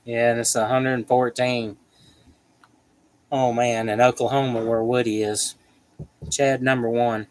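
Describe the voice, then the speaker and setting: A man's voice: medium pitch, flat delivery, measured pace, long pauses, low-quality recording. A man hosting a casual livestream, reading viewer comments aloud in a chatty, joking way. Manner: chatty, joking, laughs often. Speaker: livestream host.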